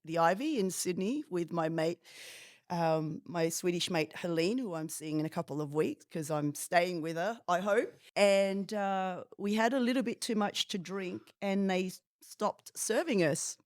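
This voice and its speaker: A woman of Filipino background, a padel player answering quick questions as a podcast guest, cheeky and laughing as she tells stories. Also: fairly low pitch, dry recording, clean studio sound. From Philippines. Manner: cheeky, laughing, animated storytelling. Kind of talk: rapid-fire question interview.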